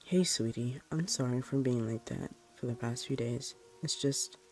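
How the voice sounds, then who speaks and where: A grieving, bitter mother in a storybook horror tale, read by a man. Her voice is mellow and low-key. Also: moderate pace, lightly acted. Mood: gentle. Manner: sharp with the neighbor, soft with her child.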